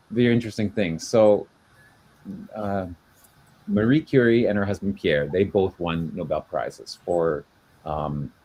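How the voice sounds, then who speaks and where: A man's voice: low voice, a little mellow. A man co-hosting a casual video-call chat, explaining at length with many fillers and restarts. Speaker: genealogy show co-host.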